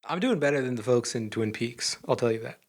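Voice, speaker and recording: A man co-hosting a podcast in casual chat, laid-back and quick to laugh. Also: mid-range voice, animated. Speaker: podcast co-host.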